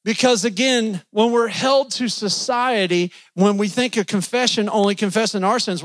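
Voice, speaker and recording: A man's voice: sits high, lively intonation, normal speed, a bit bright, no room sound. A man preaching a sermon in a church, folksy and joking with the congregation.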